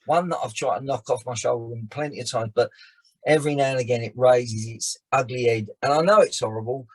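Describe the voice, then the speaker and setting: A man, chatting as a guest on a podcast, animated and often restarting his sentences. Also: medium pitch, a little fast, breathy edge. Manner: animated, frequent restarts and repeated words. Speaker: actor and filmmaker guest. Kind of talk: casual podcast chat.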